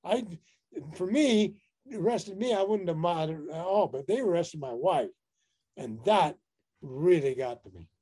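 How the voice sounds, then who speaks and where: A man telling a personal story in a casual interview, animated and laughing often as he talks. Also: high voice, unhurried, slightly rough. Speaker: interview guest.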